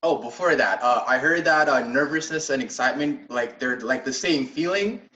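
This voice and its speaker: A man's voice: mid-range voice, lively intonation, moderate pace, pushed and bright, roomy sound, lo-fi sound. Eager young man on a distant call. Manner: eager, rambling, full of fillers. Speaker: student. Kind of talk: casual self-introduction.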